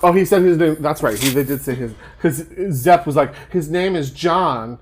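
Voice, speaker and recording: A man's voice: on the high side, brisk, darkish tone. A man co-hosting a podcast, casually recapping a film plot with lots of fillers and restarts. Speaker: podcast co-host.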